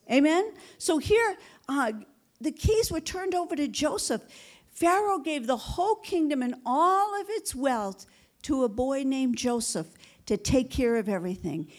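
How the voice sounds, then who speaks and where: A woman pastor delivers a fervent sermon in a high voice. She hammers her points with repeated phrases and rhetorical questions, and keeps asking the room for an amen. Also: expressive, unhurried.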